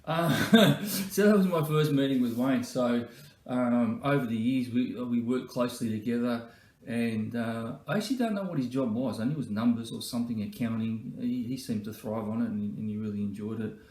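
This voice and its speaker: A man's voice: medium pitch, brisk, warm tone. Man in a roomy echo. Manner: joking, anecdotal, with fillers. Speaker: former colleague. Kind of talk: comic storytelling tribute.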